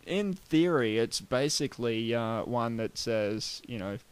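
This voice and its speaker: A young man in casual podcast chat, with a mid-pitched everyday voice. He talks loosely and hesitantly, full of fillers and wry asides. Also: expressive, unhurried. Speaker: podcast co-host.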